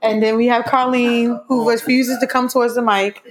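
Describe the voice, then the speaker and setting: A woman's voice: a little high, flat delivery, moderate pace, a crowd in the background. A woman hosting a podcast in a casual, conversational way, addressing listeners as "you guys" and "y'all". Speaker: podcast host. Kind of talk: casual chat.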